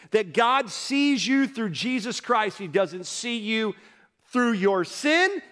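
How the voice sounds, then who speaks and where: High-voiced preaching man, conversational and emphatic. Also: fairly bright tone. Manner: conversational preaching, acts out quoted voices, builds to emphatic peaks. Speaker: pastor. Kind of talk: sermon.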